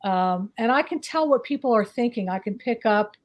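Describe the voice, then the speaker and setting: A woman's voice: fairly high pitch, lively intonation, moderate pace. A woman chatting casually as a guest, rambling and hesitant, with many fillers. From northeastern United States. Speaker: psychic guest. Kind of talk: casual chat.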